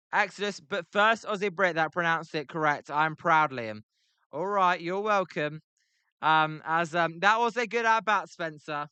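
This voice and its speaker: A young British man giving casual live play-by-play commentary on baseball while chatting with viewers and filling pauses with ums. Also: fairly high pitch, sharp tone, clean tone, dry recording. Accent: British English. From Britain. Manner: rambling, many ums, reads chat aloud. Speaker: livestream commentator. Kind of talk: casual play-by-play with chat reactions.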